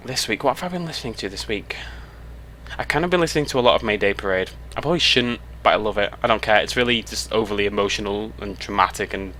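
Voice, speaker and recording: A man's voice: fairly low pitch, fast talker, sharp tone, slight background noise. Chatty British young man rambling on a road trip. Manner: chatty, rambling, self-interrupting. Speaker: YouTuber. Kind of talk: casual chat to camera. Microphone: headset mic.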